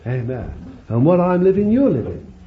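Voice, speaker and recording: Male preacher with a folksy, conversational sermon delivery and an animated pitch, on a muffled lo-fi recording. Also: normal speed. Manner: folksy, conversational preaching with many "you see" asides. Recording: muffled lo-fi recording with faint hiss.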